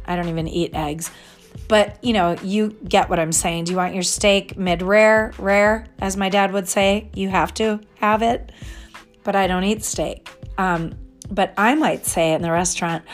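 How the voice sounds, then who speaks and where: A woman in her fifties rambles through a casual solo talk at an unhurried pace, drifting off topic and laughing at herself. Her pitch sits in a middling range. Faint music plays behind her voice. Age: 50s. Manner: chatty, digressive, laughing asides. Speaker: podcast host and astrologer.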